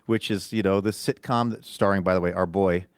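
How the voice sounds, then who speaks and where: A man co-hosting a podcast, telling stories in a casual chat and acting out quoted lines in an animated way. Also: low-pitched, a little fast, clean tone, dry recording, clean studio sound. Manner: animated storytelling, acts out quotes. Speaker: podcast co-host.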